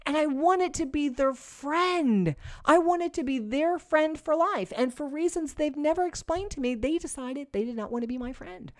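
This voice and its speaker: A woman preaching a sermon, earnest and emphatic, moving between soft, slow passages and louder, forceful ones. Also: high-pitched.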